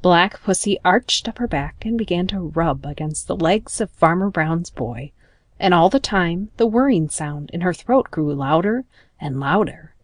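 Woman reading a kids storybook aloud, lowish voice, dry close sound, gentle and expressive. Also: a little slow, no room sound. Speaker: narrator. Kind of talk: storybook narration.

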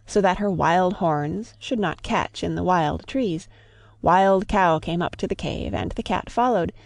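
Female storyteller, steady rhythmic read-aloud, gravelly edge, close dry recording. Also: lowish voice, no room sound. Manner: measured, rhythmic storybook narration. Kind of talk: reading a classic story aloud.

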